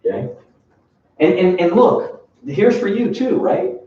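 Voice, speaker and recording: A man's voice: high-pitched, expressive, measured pace, darkish tone. A man leading a sales training session in an emphatic coaching manner, often checking in with "right?". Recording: distant, echoey room, dull sound.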